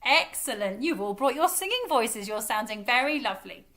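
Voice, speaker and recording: Bright-voiced encouraging English teacher woman. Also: fairly high pitch, expressive, normal speed. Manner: cheerful, encouraging, singsong. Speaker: music teacher. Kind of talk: leading a children's singing lesson.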